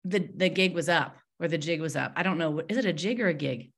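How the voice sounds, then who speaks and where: A woman's voice: deep voice, a little fast. A woman guesting on a podcast interview, telling her story in a candid, open way. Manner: warm, candid storytelling with fillers. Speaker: podcast guest, mindset mentor.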